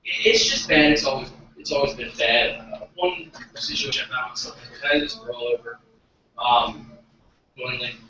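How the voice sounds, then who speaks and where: A man's voice: mid-range voice, pushed and bright, a little hiss or hum. Self-deprecating man doing stand-up, echoey room. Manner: self-deprecating, awkward storytelling with acted-out quotes. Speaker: stand-up comedian. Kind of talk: stand-up routine. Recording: echoey, dull recording from a distant mic.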